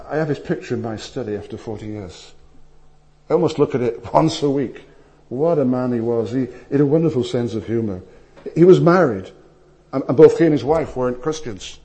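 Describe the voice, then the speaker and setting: Man preaching, loud then hushed. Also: mid-range voice. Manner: animated storytelling, swings between loud emphasis and hushed asides. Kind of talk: sermon with anecdotes.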